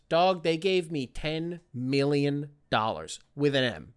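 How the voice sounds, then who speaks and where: A man hosting a podcast, rambling in casual solo commentary with lots of swearing and excitable outbursts. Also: on the high side, slow pace, few pauses, clear, resonant tone. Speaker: podcast host.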